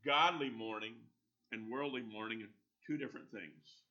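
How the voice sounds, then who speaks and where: Male preacher, very bright tense tone, earnest and emphatic, slightly dull lo-fi recording. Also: mid-range voice, normal speed. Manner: earnest, emphatic, acts out quoted voices. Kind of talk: sermon.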